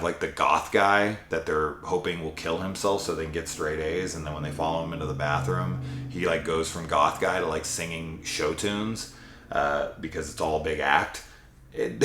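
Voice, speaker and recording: A man's voice: low voice, fairly bright tone. A man casually reviewing a horror sequel, rambling and sarcastic, swearing freely. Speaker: movie reviewer. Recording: echoey room.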